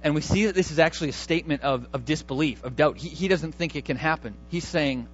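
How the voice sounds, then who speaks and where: A man preaches in a relaxed, conversational way, thinking aloud and doubling back on his words as he works through scripture. His voice sits a little higher than most men's. The recording is dull and a bit lo-fi. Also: fast, few pauses, slight background noise. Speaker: pastor. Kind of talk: sermon.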